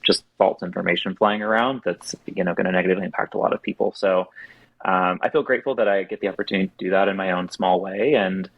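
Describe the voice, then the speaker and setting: A very deep, gravelly man's voice with a light Southern American accent, earnest and thoughtful as a podcast guest. The sound is dry and a little dull, like lo-fi call audio. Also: steady tone, fast talker, no room sound. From southern United States. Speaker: podcast guest, drag performer. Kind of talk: casual podcast chat.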